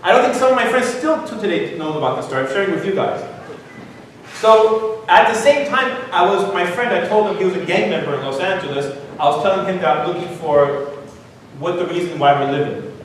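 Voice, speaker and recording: High-voiced man in echoey hall. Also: a little fast, slight background noise. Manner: animated, jokey, rises high when excited. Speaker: guest speaker. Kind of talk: humorous personal storytelling talk. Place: conference hall. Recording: very echoey hall, distant mic.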